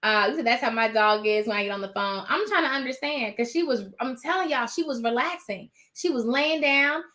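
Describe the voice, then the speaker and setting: A woman hosting a casual live stream from her home office, animated and rambling as she talks to viewers. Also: fairly high pitch, a little fast.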